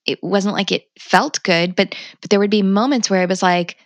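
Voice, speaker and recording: A woman's voice: medium pitch, moderate pace, dry recording. A woman talking as a parenting educator in a candid interview, blunt and emphatic, swearing freely. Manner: animated and passionate. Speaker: parenting educator, podcast guest.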